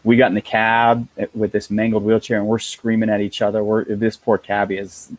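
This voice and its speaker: A man in his thirties with a somewhat low voice recounts a hard race as a guest in conversation. He speaks earnestly, stopping and restarting, leaning on fillers as he gathers his thoughts. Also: little pitch movement, brisk, no echo, poor audio. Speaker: endurance athlete guest. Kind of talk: personal storytelling in conversation.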